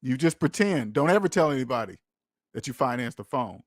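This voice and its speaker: A man's voice: mid-range voice, expressive, a little fast, dry recording, studio quality. A man hosting a call-in money advice show, talking bluntly and preaching straight at his listeners in casual speech. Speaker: podcast host giving money advice.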